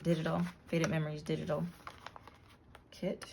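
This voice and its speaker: A woman casually narrating a flip-through of her handmade journal, relaxed, with frequent ums and self-corrections. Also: sits low, a little slow, slight background noise.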